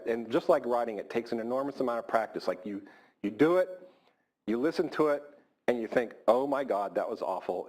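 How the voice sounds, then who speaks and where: With a mid-range, darkish voice, this middle-aged man, a surgeon, lectures conversationally at grand rounds in a hall. He keeps it informal and repeats words to stress his points.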